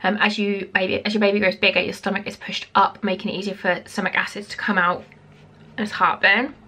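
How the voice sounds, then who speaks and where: A woman's voice: medium pitch, level tone, a little fast, bright, forceful tone. A woman chatting casually in a vlog, a little out of breath, rambling between reading aloud and her own comments. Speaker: vlogger giving a pregnancy update.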